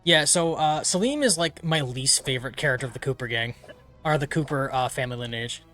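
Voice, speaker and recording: A man's voice: mid-range voice, expressive, brisk, fairly bright tone, soft background music. A man streaming a video game, rambling chattily through casual commentary. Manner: rambling, many fillers, chatty.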